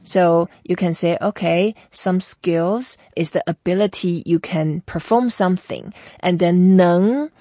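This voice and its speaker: A woman's voice: on the low side, a little slow, few pauses, mellow, dry recording. A woman hosting a language lesson who patiently explains and models each sound, step by step, for her guest to repeat. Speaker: Chinese language teacher and host. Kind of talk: teaching pronunciation in an interview. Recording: dull, muffled lo-fi sound.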